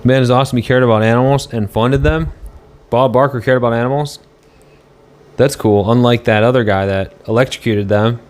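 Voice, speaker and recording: A man's voice: medium pitch, fairly even intonation, fairly quick, a little mellow, slight background noise. A man on a casual live stream, answering chat in a rambling, argumentative way and swearing now and then.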